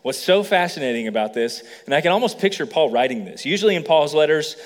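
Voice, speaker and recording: Animated male preacher in a reverberant hall. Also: quick pace. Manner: animated preaching, acts out quoted lines with rising pitch. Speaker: pastor. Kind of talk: sermon. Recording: long reverb of a large hall.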